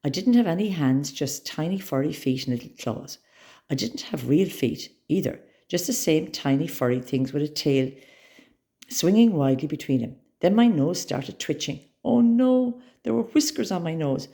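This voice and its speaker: Gravelly woman reading a children's story. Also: low-pitched, normal speed. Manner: expressive, dramatic storytelling.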